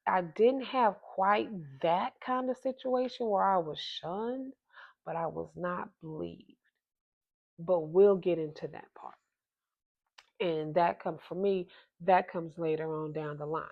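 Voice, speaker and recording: Woman host, personal story monologue, halting and emotional, slightly dull lo-fi audio. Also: lowish voice. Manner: halting, emotional, many restarts. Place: at home.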